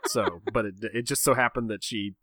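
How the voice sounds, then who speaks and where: Man, casual chat, self-mocking, rambling, bright tone, dry close sound. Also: fairly low pitch, fairly quick, no room sound. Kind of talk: casual chat, telling a story.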